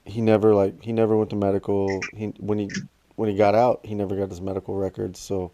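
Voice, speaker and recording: A laid-back man chats on a casual podcast, swearing easily. His voice sits fairly low and has a mellow, relaxed tone. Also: fast, slight background noise. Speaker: podcast co-host. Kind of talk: casual chat.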